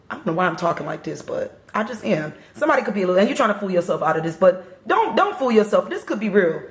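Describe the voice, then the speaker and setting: A woman's voice: mid-range voice, very animated, fast, hardly any pauses, echoey room. A woman giving a casual tarot reading and talking straight to her viewers in a chatty, repetitive way. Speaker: tarot reader.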